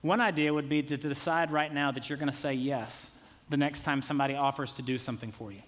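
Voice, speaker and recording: Man, 30s, pastor; relaxed conversational sermon with humorous asides, a touch high in pitch. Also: quick pace. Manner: conversational, jokey asides, acts out quotes.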